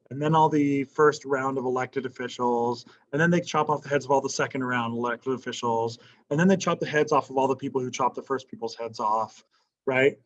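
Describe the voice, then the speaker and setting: A man's voice: mid-range voice, dull audio. A male history teacher lecturing a class in a casual, conversational way, often checking in with "right?" and asking questions.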